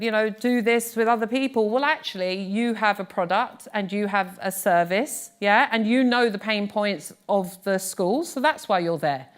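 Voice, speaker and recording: A middle-aged British woman giving a live workshop talk on pitching, chatty and lively, teasing her audience. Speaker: business speaking coach. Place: workshop room before an audience.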